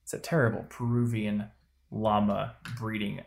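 A man's voice: mid-range voice, fairly even intonation, gravelly. A man co-hosting a podcast, giving blunt, emphatic advice in casual chat. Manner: emphatic, punchy advice-giving with quick asides. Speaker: podcast co-host.

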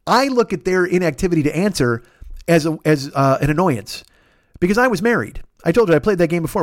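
A man in his fifties hosting a casual solo podcast, rambling and swearing as he tells animated stories. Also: a little high, fairly quick, dry recording. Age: 50s. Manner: profane, rambling, animated storytelling. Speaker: podcast host.

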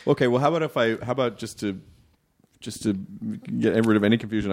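A man hosting a casual podcast chat, teasing his guest with quick jokes. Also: lowish voice, vocal fry. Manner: teasing, jokey. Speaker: podcast host.

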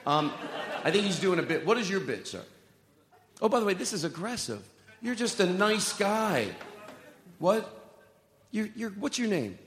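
A man's voice: sits high, big pitch swings, normal speed, pauses often, a bit bright, a little hiss or hum. A man doing loose, profane, self-mocking stand-up banter with a live audience on stage. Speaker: comedian. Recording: roomy live venue sound.

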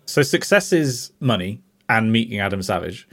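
Lively wry man hosting a podcast. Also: on the low side, moderate pace, breathy edge. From West Country, England. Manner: wry, dry jokes. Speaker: podcast host. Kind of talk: casual podcast chat.

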